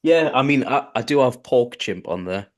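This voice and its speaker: A man co-hosting a casual podcast, talking hesitantly with many pauses and restarts. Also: mid-range voice, animated.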